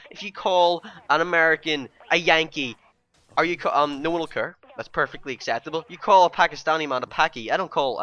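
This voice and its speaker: A young man ranting to his viewers in a vlog, exasperated and breaking into loud outbursts. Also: a little high, muffled recording. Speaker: YouTuber.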